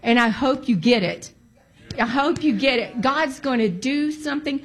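A woman's voice: high-pitched, animated, moderate pace. Emphatic woman giving church testimony. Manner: emphatic, repeats phrases for stress. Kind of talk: testimony to a congregation.

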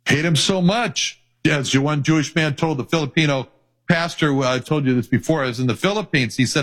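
A man's voice: a little high, fairly quick, fairly bright tone. A male pastor preaching an earnest sermon, reading scripture aloud.

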